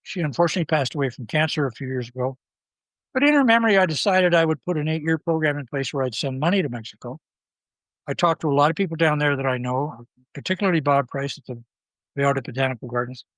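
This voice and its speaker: Man telling lively stories, dry close sound. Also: a little high, quick pace, no echo, poor audio. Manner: lively anecdotes acting out quoted people. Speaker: guest. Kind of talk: storytelling interview.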